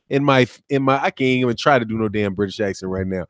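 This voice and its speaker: A man with a Midwest American accent hosts a boxing channel live stream, reacting to chat in an animated, mocking way, laughing often and tossing in "man" and "dog.". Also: medium pitch, fast talker, hardly any pauses, dry recording, studio quality.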